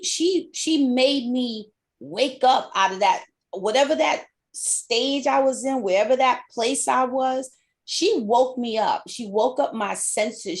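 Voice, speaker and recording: A middle-aged woman hosting a podcast who tells a personal story candidly, often repeating phrases for emphasis. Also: on the high side. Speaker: podcast host.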